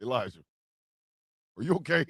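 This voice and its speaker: A man hosting a live stream show, telling animated, profane jokes in a casual rant. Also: mid-range voice, normal speed, gravelly, breathy edge, dry recording, clean studio sound. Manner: animated, joking, profane storytelling. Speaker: host.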